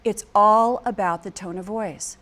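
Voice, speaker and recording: A woman's voice: mid-range voice, unhurried, fairly bright tone. An older American woman, a marriage coach, giving an earnest teaching talk to couples and acting out phrases with emphasis.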